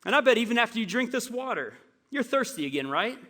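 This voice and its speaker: A man voicing Jesus, kind and gently teasing, close to his own speaking voice. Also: a little high, moderate pace, natural voice. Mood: gentle. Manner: kind, with a hint of sarcasm.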